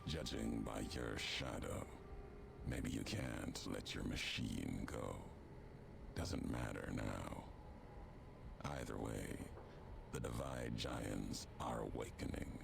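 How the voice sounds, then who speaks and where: A brooding avenger from a video game, with a voice sunk to the very bottom of the range and rough with heavy gravel. He talks slowly and gravely in cryptic pronouncements. A steady hiss of noise sits under the game audio. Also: a bass voice, heavily acted. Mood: grim. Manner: slow, solemn, cryptic speech. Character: grim, brooding man bent on vengeance.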